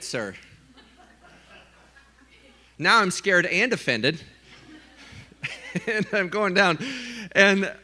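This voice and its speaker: A man preaching a sermon, telling a funny story with lively, animated delivery and acted-out voices. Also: high-pitched, extremely slow, long pauses. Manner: animated storytelling, acts out his own scared voice. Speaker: pastor.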